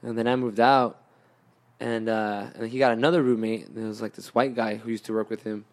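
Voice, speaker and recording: A man's voice: lowish voice, steady tone, brisk. Young man, casual chat, slangy, profane, rambling storyteller with many restarts. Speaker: podcast guest telling a story.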